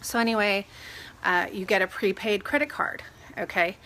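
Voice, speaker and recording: A woman real estate agent giving casual advice, sniffling from a cold and animated when she retells her arguments. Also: medium pitch, normal speed, slight background noise. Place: home with dogs.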